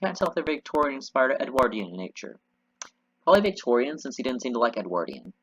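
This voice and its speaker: A man's voice: medium pitch, sing-song, quick pace, lo-fi sound, heavy background noise. A man giving casual, rambling and candid commentary while playing a video game, swearing freely. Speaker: video game let's player.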